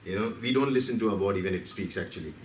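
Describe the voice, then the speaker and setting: A man's voice: low-pitched, racing, a little hiss or hum. Man lecturing in an echoey hall. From India. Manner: storytelling, asks the audience questions, playful. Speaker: health speaker. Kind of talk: lecture to an audience. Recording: roomy hall, distant mic, faint background.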